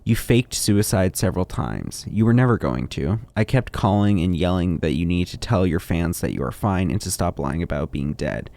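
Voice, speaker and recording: A man streaming, reading a written statement aloud in a steady, somber way, with quiet muttered asides. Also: low voice, moderate pace, vocal fry, few pauses. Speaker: streamer reacting to online content.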